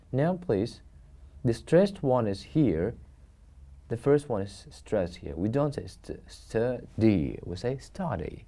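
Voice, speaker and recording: A man teaching an English video lesson, who says new words slowly and repeats each one twice so learners can copy it. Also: lowish voice, mellow. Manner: slow, repeats each word for pronunciation practice. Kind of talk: video lesson, vocabulary drill. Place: studio recording.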